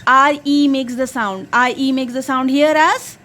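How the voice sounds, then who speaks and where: A woman's voice: high voice, fairly even intonation, unhurried, fairly bright tone, slight background noise. A woman drilling her young child on phonics, patiently spelling out letters one by one and praising each answer.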